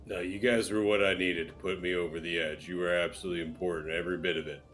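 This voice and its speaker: Man, player, brash and loud in character; very low voice, light music bed. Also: level tone, quick pace. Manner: brash, enthusiastic, swears. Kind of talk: in-character play.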